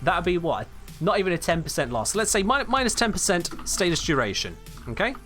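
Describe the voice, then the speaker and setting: A man's voice: sits high, very animated, fairly quick, sharp tone, soft background music. A young man explaining game mechanics on a live stream, emphatic and blunt when he answers chat.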